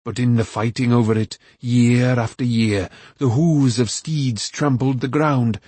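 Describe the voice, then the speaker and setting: A man voicing a patient, fatherly old male farmer who speaks with dry wryness and a husky tone. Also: mid-range voice, steady tone, unhurried, dark tone, no room sound. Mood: earnest.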